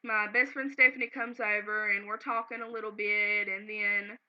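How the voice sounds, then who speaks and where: A woman's voice: mid-range voice, little pitch movement, moderate pace. A woman telling a personal story to her camera at home, earnest and sometimes close to tears. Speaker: vlogger. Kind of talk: casual emotional storytelling to camera. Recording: slightly dull, lo-fi home video.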